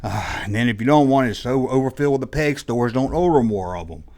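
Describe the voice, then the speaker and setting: Brief: man, rambling exasperated rant, mid-pitched everyday voice. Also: expressive, fast talker, a little mellow. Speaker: toy collector YouTuber. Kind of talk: ranting monologue. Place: indoors, audio only.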